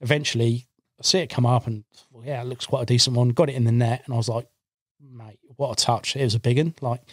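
A man who is an angler and podcast guest tells a long fishing story, casual and animated, voicing the things he once said, into a studio microphone. His voice is mid-range and fast, with no room sound.

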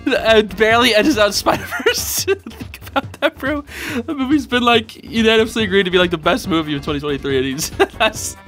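A young man hosts a casual reaction video, giggling often and talking in loose slang packed with fillers. His voice is high-pitched, animated, and fairly bright, he talks a little fast, and faint music plays behind him.

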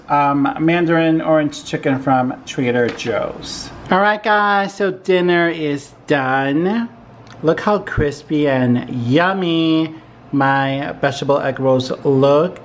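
A man's voice: fairly high pitch, a little hiss or hum. A man talking to his camera in a casual vlog, reflective and open about his feelings. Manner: slow, emotional, reflective then chatty. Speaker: vlogger.

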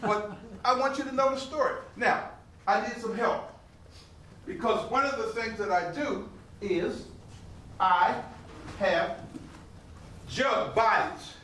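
An older man, performing as a potter and telling lively, laughing stories to a live audience. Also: high-pitched, slow, pauses often, a little hiss or hum. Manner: animated, laughing storyteller with repeated phrases. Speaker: living history performer and potter. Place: museum hall with an audience. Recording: roomy hall, voice from a distance.

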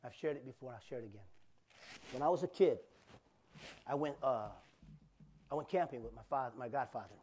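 A male pastor preaching a sermon, telling a personal story with animated acted-out cries and asides to the congregation. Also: medium pitch, brisk, long pauses, a little hiss or hum. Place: church.

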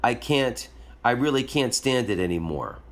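A man's voice: mid-range voice, sing-song, normal speed. A man voicing a weary, plainspoken peasant wet nurse in a read-aloud story. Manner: blunt, plainspoken talk.

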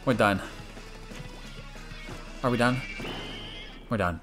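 A young man commentating his own online gameplay on a stream, joking and switching between loud outbursts and quiet mumbles. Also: a little high, sing-song, moderate pace, soft background music. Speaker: gaming streamer.

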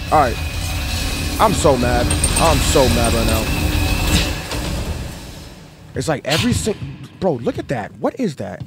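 A man streaming a horror game, talking excitedly to his chat with lots of slang. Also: mid-range voice. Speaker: gaming streamer. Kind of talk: horror game let's play commentary. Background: game music.

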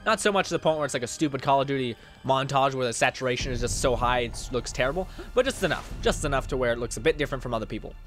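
A man's voice: medium pitch, racing, few pauses, a bit bright, soft background music. A man from Canada rambling through casual let's-play commentary as the channel host, chatty and loose with swearing.

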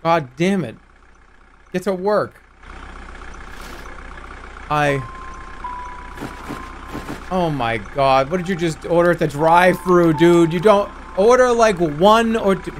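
A man in his thirties playing a video game, swearing and swinging between low mutters and excited yelps. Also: slow, pauses often, a little hiss or hum. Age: 30s. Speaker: streamer. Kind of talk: let's play commentary.

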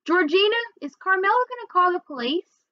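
A woman's voice: extremely high pitch, big pitch swings, moderate pace, dry recording, dull audio, voice pushed up. A woman reading aloud, voicing a worried young boy who keeps asking anxious questions. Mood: pleading.

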